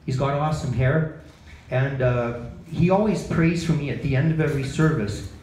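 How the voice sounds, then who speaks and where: A man's voice: mid-range voice, moderate pace, darkish tone. A man doing an open mic stand-up set in a bar, self-deprecating and quizzing the crowd, then chatting about how it went. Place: bar comedy night. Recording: echoey bar room, faint ambience.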